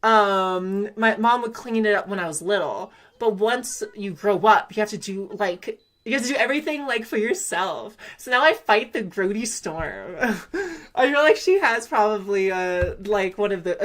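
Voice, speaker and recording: A woman's voice: mid-range voice, lively intonation, moderate pace. A young woman from California with a Valley Girl accent, chatting casually on a live gameplay stream, rambling with lots of fillers, giggles and self-corrections.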